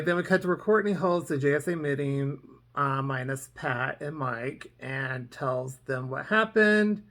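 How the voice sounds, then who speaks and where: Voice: medium pitch, fairly bright tone. A casual reviewer recapping a TV episode in a rambling way, full of "um" and "and so", and acting out the characters' lines. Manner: rambling, with many ums and "and so"; acts out characters' lines in quotes. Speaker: TV reaction reviewer.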